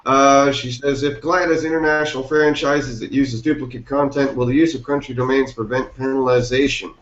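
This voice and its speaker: A man's voice: mid-range voice, steady tone, a little fast. A man hosting a casual group chat, loose and laughing, thinking aloud with lots of fillers. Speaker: chat host. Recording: echoey, dull call audio.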